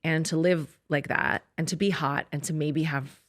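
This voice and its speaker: A woman in her forties, a comedian guest chatting with wry, dry humor and quick asides. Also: low voice, steady tone. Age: 40s. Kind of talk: casual chat.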